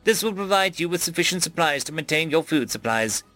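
Mantu, a formal machine mind that speaks in flat, exact sentences, as a man reads him in a raised, bright, forceful voice. The sound is close and dry, with soft music underneath. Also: fairly high pitch, fairly quick, no echo, pitched above the performer's own voice. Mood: measured. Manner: flat, precise, formal phrasing. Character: formal male AI ship core, precise and calm.

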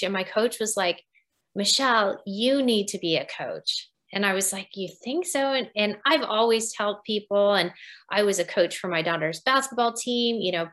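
Animated woman in her fifties. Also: mid-range voice. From United States. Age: 50s. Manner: animated, laughs often, acts out quoted dialogue. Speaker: podcast guest. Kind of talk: casual interview storytelling.

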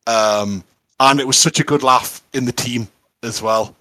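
A man's voice: mid-range voice, a little slow, pushed and bright, no echo. A man, co-hosting a podcast in enthusiastic casual chat, with lots of fillers. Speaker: podcast co-host.

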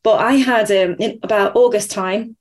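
A woman hosts a podcast in a relaxed chat. She tells stories with energy and acts out what people said. Her voice sits at a middle pitch. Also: normal speed. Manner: animated storyteller, acts out quotes. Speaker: podcast host. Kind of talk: casual interview chat.

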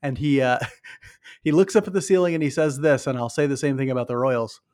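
A man's voice: medium pitch, fairly quick, darkish tone. A man co-hosting a casual sports podcast, breaking down stats and reading a sponsor spot. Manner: analytical, reads ad copy and stats. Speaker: podcast co-host.

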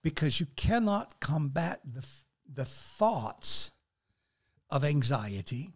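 A man's voice: on the high side, slow pace. An older man, a guest on a faith talk show, speaking earnestly and quoting scripture as he shares. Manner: earnest, animated, quotes scripture.

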